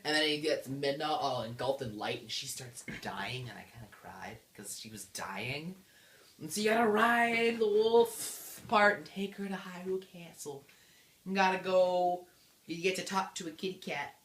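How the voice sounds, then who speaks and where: A woman's voice: low-pitched, animated, normal speed, roomy sound. A woman giving a bubbly, jokey recap of a video game as a reviewer. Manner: bubbly, gushing, jokey retelling.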